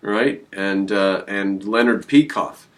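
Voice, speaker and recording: A man hosting his own channel, talking in a rambling, emphatic way with sudden jumps in pitch. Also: takes it slowly. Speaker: channel host. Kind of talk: casual on-camera commentary.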